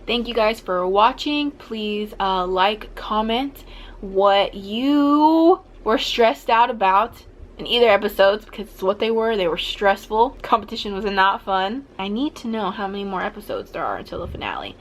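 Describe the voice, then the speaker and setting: A woman's voice: mid-range voice, animated, moderate pace. Chatty young woman recapping a show. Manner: chatty, with upbeat fillers like "like" and "blah, blah". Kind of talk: casual chat.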